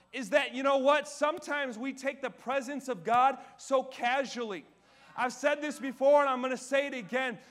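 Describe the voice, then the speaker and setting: A man preaches from a church stage in a very high voice. He is energetic and swings from ringing declarations down to quiet, conversational asides. He keeps asking the crowd questions and then answering them himself. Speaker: pastor. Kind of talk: sermon.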